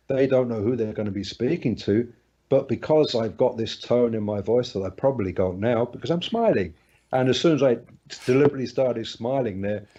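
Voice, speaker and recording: Male hypnotist host, soft warm tone, muffled call audio, halting speech with coaxing tag questions. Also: mid-range voice. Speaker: interviewer and hypnotist. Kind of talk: casual interview chat. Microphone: video call over Skype. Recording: dull video call audio.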